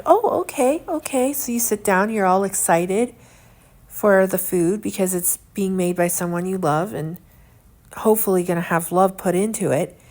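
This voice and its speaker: A woman's voice: medium pitch, darkish tone. A young woman vlogging at home in casual chat, earnest and indignant, rambling with lots of fillers as she talks.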